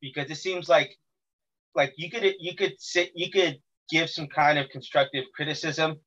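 American man, interview host, slightly higher voice, wordy, hesitant questions, dull lo-fi sound. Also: fairly even intonation, normal speed, bright, forceful tone. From United States. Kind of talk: casual interview.

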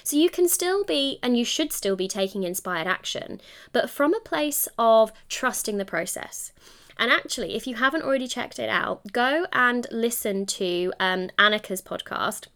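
A young woman hosts a solo coaching podcast, chatting in an encouraging way and correcting herself mid-sentence. Her voice is fairly high, bright and smooth, with lively intonation at a moderate pace.

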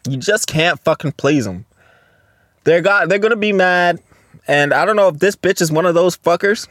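A man's voice: high voice, moderate pace, no echo, studio quality. A young man in his twenties hosting a solo podcast, reading posts aloud and reacting bluntly with lots of profanity. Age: 20s. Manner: profane, blunt, reacts loudly to what he reads. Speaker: podcast host.

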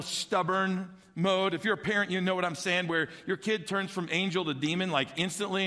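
Middle-aged male pastor, high bright voice, animated storyteller, big echoey hall. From Illinois. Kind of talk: sermon.

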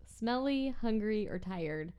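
A woman's voice: medium pitch, lively intonation, slow pace, darkish tone, smooth. Chatty woman acting out her stories. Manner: chatty storyteller, acts out quotes. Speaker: podcast co-host. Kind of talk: casual chat.

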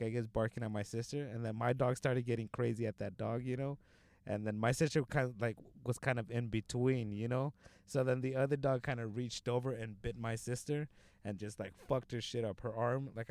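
With a mid-range, slightly mellow voice, a young man from Southern California tells a long, meandering story full of curses and fillers. The recording is close and dry, with no room sound at all.

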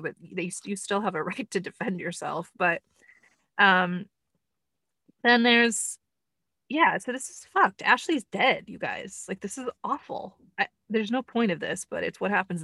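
A woman's voice: lowish voice, vocal fry, bright, forceful tone, dry recording. Sarcastic woman reviewing a film. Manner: sarcastic, chatty, many fillers. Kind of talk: casual commentary.

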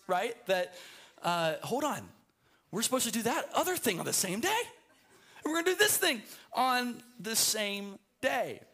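A man's voice: very high-pitched, pushed and bright. A man preaching a sermon as pastor in a church sanctuary, telling stories with stammering restarts.

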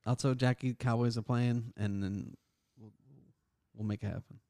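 A man co-hosting a casual podcast, telling a story with lively, loud acted-out quotes. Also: mid-range voice, normal speed. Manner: animated storyteller, acts out quotes loudly. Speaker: podcast co-host. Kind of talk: casual chat.

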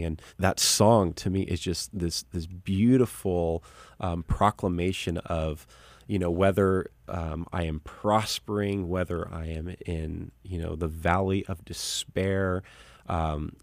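A man with a very low voice talks as an interview guest, earnest and reflective, often restarting his sentences. The sound is dry and close, with no room around it. He reads as a pastor and musician. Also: fairly even intonation, measured pace, no echo. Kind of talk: conversational interview.

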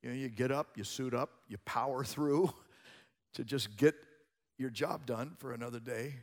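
A man preaching a sermon as a pastor, moving between hushed passages and loud, emphatic ones. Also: medium pitch, normal speed, long reverb tail.

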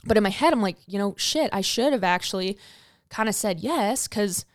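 A young adult woman hosting a podcast, telling a candid personal story in a frank, profane, animated way, acting out the quotes. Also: medium pitch, moderate pace, no room sound, studio quality. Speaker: podcast host.

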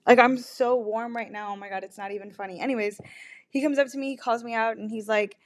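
A woman's voice: mid-range voice, steady tone, fast. A young woman confiding into a laptop microphone from her room. She rambles anxiously, doubling back on herself with repeated words and half-finished thoughts. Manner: anxious, rambling, self-interrupting with frequent restarts. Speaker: vlogger. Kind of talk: confessional storytime vlog. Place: her bedroom, alone.

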